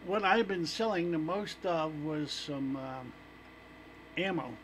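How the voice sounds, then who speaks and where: Easygoing higher-voiced guest man. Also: takes it slowly, fairly bright tone, slight background noise. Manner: easygoing, laughs at his own jokes. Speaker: gun show vendor, guest. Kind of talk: casual talk radio chat.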